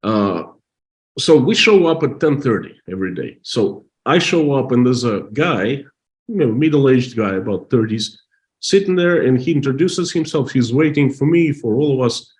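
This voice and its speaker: A middle-aged man from Russia with a Russian accent, telling a story in halting, emotional English full of restarts. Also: mid-range voice, animated, a little mellow. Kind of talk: casual storytelling.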